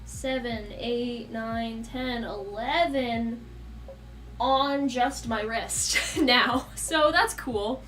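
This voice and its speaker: A young woman chats casually on a live stream. Her voice is bright and sits a little high. She swears freely, laughs often and grumbles at her cat between stories. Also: extremely slow, soft background music. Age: young adult.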